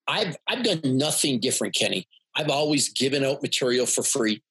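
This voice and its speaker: Podcast host guy, super raspy breathy voice, earnest and chatty. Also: mid-range voice, moderate pace. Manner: earnest, animated, interjecting. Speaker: podcast host, fitness coach. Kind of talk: casual podcast chat.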